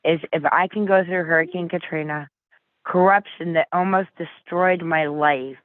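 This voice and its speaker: A woman's voice: on the low side, fairly even intonation, moderate pace, no room sound. Woman, interview guest, blunt, earnest, casual swearing, phone-line sound. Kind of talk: emotional personal storytelling. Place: Flint, Michigan. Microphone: phone call.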